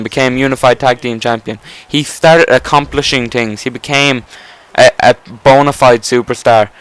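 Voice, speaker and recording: A man's voice: mid-range voice, fairly bright tone, smooth, poor audio. A man giving casual gameplay commentary, rambling enthusiastically with frequent restarts and casual swearing.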